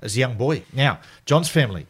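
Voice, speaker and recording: Joking middle-aged Australian dad hosting. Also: male voice, medium pitch, lively intonation, a bit bright, breathy edge. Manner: jokey, teasing, quick quizzing. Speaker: podcast host and father. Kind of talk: casual family podcast chat.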